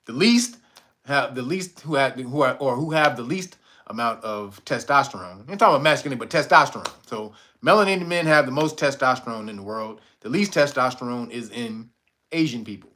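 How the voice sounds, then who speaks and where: A man hosting a casual livestream, reading viewer comments and reacting loudly with profanity and frequent laughter. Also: mid-range voice, lively intonation, fairly quick. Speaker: livestream host reading chat.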